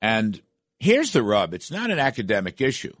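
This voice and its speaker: A man's voice: fairly low pitch, wildly swooping pitch, moderate pace, a bit bright, dry recording. An older man hosting a talk radio show, delivering emphatic, repetitive political commentary from a studio. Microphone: studio microphone.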